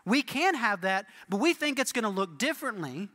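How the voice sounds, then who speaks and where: Man preaching, animated storyteller, bright voice, lively pitch, long church reverb. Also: fairly quick. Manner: animated storytelling, asks listeners "right?". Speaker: pastor. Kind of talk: sermon.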